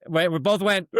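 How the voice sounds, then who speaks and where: A man co-hosting a comedy podcast, telling a long story in an animated, rambling, profane way. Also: a little high, smooth, no echo, clean studio sound. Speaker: podcast co-host.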